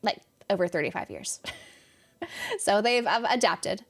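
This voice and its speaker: A woman's voice: mid-range voice, animated, measured pace, a bit bright. A young woman from California with a light Californian accent, chatting casually on a game stream and answering chat with a rambling, laughing manner.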